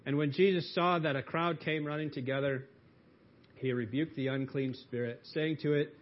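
A man's voice: a little high, steady tone, normal speed. A man preaching a sermon in an earnest way, lifting his voice into emphatic pleas as he quotes. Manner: earnest, rising to emphatic pleas when quoting. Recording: dull lo-fi audio.

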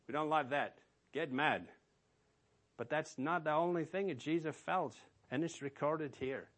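A man's voice: a little high, normal speed. A man preaching a sermon as pastor, emphatic and asking rhetorical questions of his listeners.

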